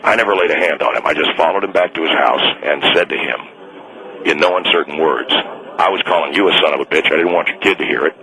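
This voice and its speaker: A man's voice: a bass voice, fast talker, pushed and bright, full character voice, low-quality recording. A man playing an indignant, fired mall Santa on a radio call-in, stubborn and self-righteous, rambling with restarts. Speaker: caller.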